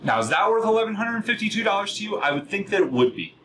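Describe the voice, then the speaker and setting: A middle-aged man giving a passionate, fast-talking sales workshop, firing questions at a live audience in a room. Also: high voice, sing-song, a bit bright, a little hiss or hum, poor audio.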